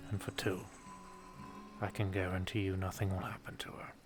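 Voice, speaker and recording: A man's voice: low voice, level tone, normal speed, music in the background. A male streamer in casual chat mixed with in-character roleplay. He is teasing, laughs often and swears casually.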